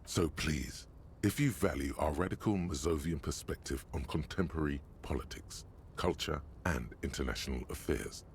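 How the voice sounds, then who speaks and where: A man voicing an omniscient game narrator, reading in a measured, scripted manner. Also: a bass voice, slight background noise. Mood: dry.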